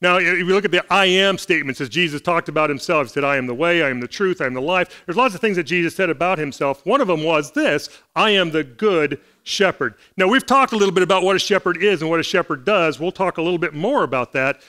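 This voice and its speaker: A man with a notably high voice delivers a church sermon. He speaks earnestly and conversationally, reading scripture and explaining it to the congregation. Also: fast talker, few pauses, pushed and bright. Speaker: preacher. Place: church service.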